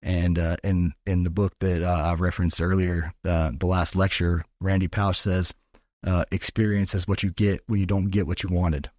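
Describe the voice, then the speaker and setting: A man's voice: deep voice, level tone, normal speed, a little mellow, dry recording, clean studio sound. A man from Texas, a podcast guest talking in an earnest, motivational way and swearing freely. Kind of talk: casual podcast talk.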